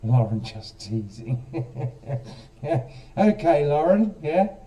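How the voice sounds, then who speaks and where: A man's voice: a little high, sing-song, takes it slowly, mellow, far from the mic. A man hosting a casual live stream, chatting straight to viewers and quizzing them, with a self-mocking manner.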